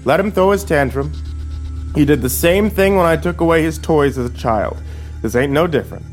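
A man's voice: a little high, moderate pace, faint music behind, pitched above the performer's own voice, natural voice. A man doing a sneering cruel sheriff. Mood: mocking. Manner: mocking, contemptuous drawl. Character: sneering cruel middle-aged male sheriff. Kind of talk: horror story narration.

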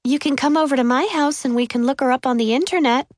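A woman voicing a kind, peacemaking schoolgirl with a gentle manner in a storybook reading. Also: high voice, quick pace, dry recording, studio quality, pitched above the performer's own voice, natural voice.

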